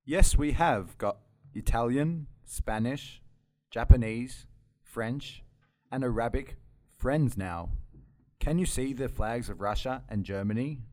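A man voicing a calm British schoolboy. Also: mid-range voice, slow, close to an everyday voice. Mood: friendly. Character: friendly British schoolboy at a party. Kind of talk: slow scripted language-lesson dialogue.

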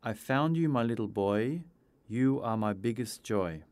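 Man doing a gentle father in a storybook, lively pitch, dry sound. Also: unhurried, dry recording, natural voice. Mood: tender. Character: loving father, gentle and forgiving.

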